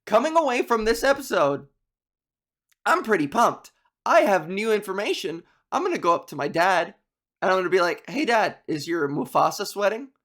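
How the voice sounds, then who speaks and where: A man's voice: high-pitched, big pitch swings, normal speed, a bit bright. Rambling Canadian man telling comic stories. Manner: rambling, self-mocking, laughs at his own jokes. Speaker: comedian. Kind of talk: rambling stand-up storytelling.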